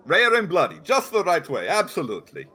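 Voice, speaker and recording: Fawning barkeep with a thick Russian accent, stutters on every phrase, high and lively; a man voices him. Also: a little fast, breathy edge, heavily acted. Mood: delighted. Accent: vaguely Russian, put on. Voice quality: stammering repetitions. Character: jolly foreign male innkeeper, eager and fawning.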